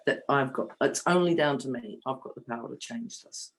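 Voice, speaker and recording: A woman's voice: rumbling low, a little fast, poor audio. Brief: fifties woman, interview guest, candid and confessional, emotional edge. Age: 50s. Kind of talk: personal storytelling in an interview.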